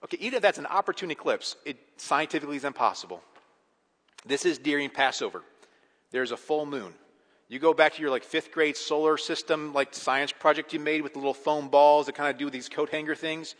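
A male pastor preaching a sermon, swinging from hushed reflection to emphatic, rising delivery. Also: on the high side, normal speed. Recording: long hall reverb.

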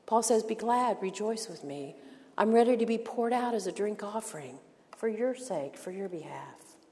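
An older woman teaching a women's Bible study in an earnest, emphatic sermon style, slowing down to stress key phrases. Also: mid-range voice, lively intonation, dark tone. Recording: long hall reverb.

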